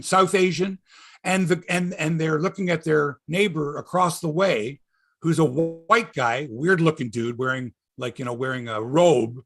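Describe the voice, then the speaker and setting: A man hosting a sports podcast, rambling and joking in casual chat. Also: a little high. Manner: rambling, jokey, animated.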